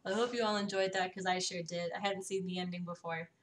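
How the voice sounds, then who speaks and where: A woman's voice: lowish voice, steady tone, fast, a little hiss or hum. A woman playing a story game, reading its text aloud and adding casual, hesitant comments with fillers. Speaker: let's play gamer. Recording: distant mic under loud game music.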